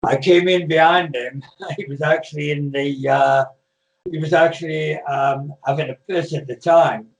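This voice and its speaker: A man's voice: on the high side, fairly even intonation, normal speed, lo-fi sound. An older man from Britain, a retired wrestler, telling rambling stories in a casual interview over a video call, full of restarts and fillers. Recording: echoey room, far from mic.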